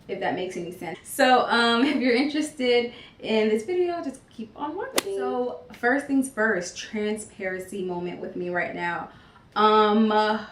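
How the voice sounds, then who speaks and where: A woman's voice: medium pitch, distant mic. A young adult woman talking candidly to her channel, casual and earnest, with frequent "like" and "um" fillers. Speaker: vlogger. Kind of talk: candid confessional chat. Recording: roomy sound, voice off from the mic.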